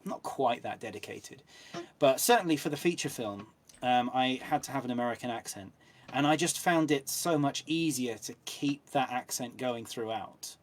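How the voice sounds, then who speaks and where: A man with an English accent, an actor guest telling anecdotes in a relaxed interview chat with frequent ums. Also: medium pitch, moderate pace.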